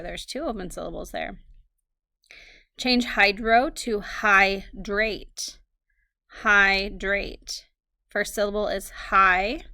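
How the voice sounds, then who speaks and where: A woman teacher reads spelling words aloud at an unhurried pace, breaking each word into syllables and spelling it letter by letter. Her voice has a gravelly edge, and the recording is dry and close, with no room sound. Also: medium pitch, bright, forceful tone, no echo. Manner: slow, deliberate dictation, spelling letter by letter. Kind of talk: recorded phonics lesson, dictating words.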